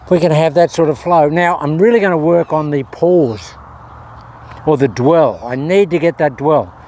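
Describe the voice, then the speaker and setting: A golf vlogger talks to the camera at an outdoor practice area, chatting casually and coaching himself between shots. His voice is mellow and a little high, at a normal pace, with faint outdoor noise behind him.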